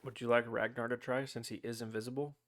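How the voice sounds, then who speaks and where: A man's voice: mid-range voice, level tone, fast, a little hiss or hum. A man playing in a tabletop game, making wry jokes and describing his character's actions. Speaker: player. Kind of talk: casual tabletop play.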